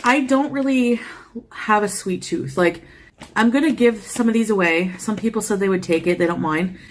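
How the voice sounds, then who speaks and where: A breathless, slightly wheezy woman rambles through a casual vlog, piling on fillers and asides. Her voice sits at an ordinary middle pitch. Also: moderate pace. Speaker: vlogger. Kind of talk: casual show-and-tell vlog.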